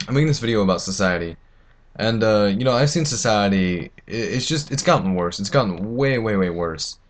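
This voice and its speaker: A man's voice: lowish voice, lively intonation, fairly quick. A teenage boy ranting to camera, indignant and rambling, with many fillers and restarts. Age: teens. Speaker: vlogger. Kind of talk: opinion rant to camera.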